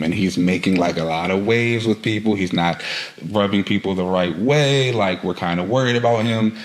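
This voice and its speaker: A man's voice: on the low side, poor audio. A man co-hosting a podcast, casually recapping a comic book and filling his retelling with "like.". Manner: rambling storyteller, heavy use of "like". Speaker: podcast co-host.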